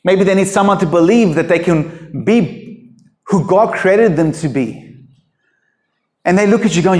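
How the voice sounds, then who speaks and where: High-voiced earnest male preacher. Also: a little slow, long pauses, darkish tone. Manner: earnest and emphatic, with rhetorical questions. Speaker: pastor. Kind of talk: sermon.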